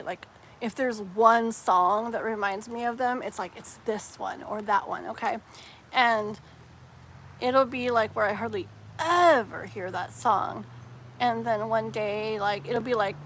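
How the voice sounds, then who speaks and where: A woman's voice: mid-range voice, a bit bright, slight background noise. A woman doing a live tarot reading, chatting casually and rambling, with lots of "like" and "um" fillers. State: tearful while telling a sad story. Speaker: tarot reader.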